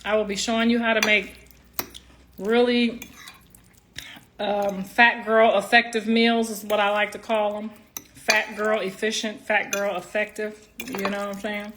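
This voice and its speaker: A woman hosting a casual livestream, telling loud, laughing, slangy stories. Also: mid-range voice, flat delivery, a little slow, slight background noise. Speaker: livestream host. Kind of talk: casual live-stream chat.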